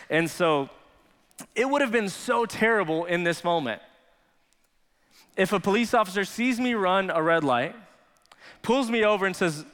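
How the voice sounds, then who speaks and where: A pastor with a fairly high man's voice, preaching in a relaxed, conversational storytelling way. His words ring out with a long reverb through a church hall. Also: normal speed, smooth. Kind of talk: sermon.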